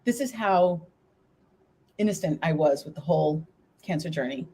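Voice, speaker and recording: A woman's voice: deep voice, expressive, normal speed, warm tone, slightly rough. Woman, interview guest, candid storyteller, plays out old conversations. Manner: storytelling, acts out past conversations; earnest, candid. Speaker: guest, breast cancer survivor and coach. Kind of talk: personal story in a live interview.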